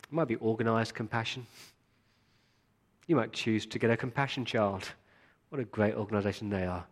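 A man's voice: lowish voice, normal speed. Earnest male pastor preaching. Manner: earnest, direct appeals to the congregation. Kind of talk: sermon.

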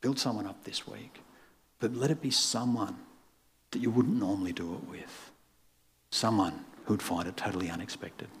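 A man's voice: on the low side, normal speed, slightly rough. A man, a pastor giving a conversational sermon and acting out the voices in his story. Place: church.

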